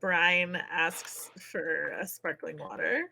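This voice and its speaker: A woman playing a tabletop game, excitable and swearing freely. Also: on the low side, slow, vocal fry, husky. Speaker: player. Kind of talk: casual tabletop game play.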